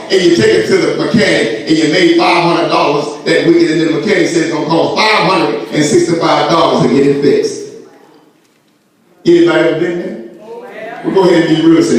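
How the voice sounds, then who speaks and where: A man preaching a sermon to his congregation, with shouted and sung peaks and playful asides, recorded in a church sanctuary. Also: sits high. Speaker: pastor. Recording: echoey church from far off.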